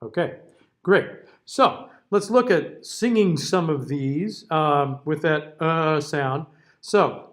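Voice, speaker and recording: Diction teacher with a higher man's voice. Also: expressive, unhurried. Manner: explanatory, checks in often with okay; sings example words out. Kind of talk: classroom lecture.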